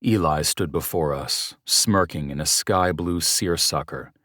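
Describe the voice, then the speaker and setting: A man narrating a romance audiobook in the first person, his dialogue gruff and commanding. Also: rumbling low, a little slow, sharp tone, no room sound, studio quality.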